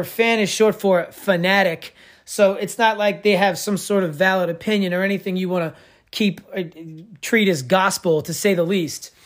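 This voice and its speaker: A man hosting a sports podcast, ranting in a sarcastic, profane, rambling way. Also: sits high. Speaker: podcast host. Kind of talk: casual sports podcast rant.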